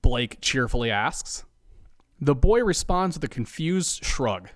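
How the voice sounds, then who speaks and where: Man narrating a comic story, lively pitch. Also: takes it slowly, no echo, studio quality. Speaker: podcast narrator. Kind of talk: scripted comedic narration.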